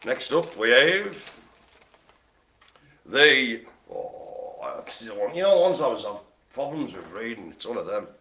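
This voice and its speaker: A man's voice: mid-range voice, sing-song, unhurried, sharp tone, slight background noise. A man hosting a live online bingo game, rambling and joking as he stumbles over hard names. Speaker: bingo host.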